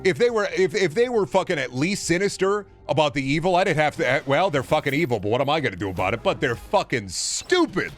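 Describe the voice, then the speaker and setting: A man's voice: fairly high pitch, expressive, a little fast, hardly any pauses, soft background music. A man ranting on a live stream, swearing constantly and sounding fed up and exasperated. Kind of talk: angry live-stream rant.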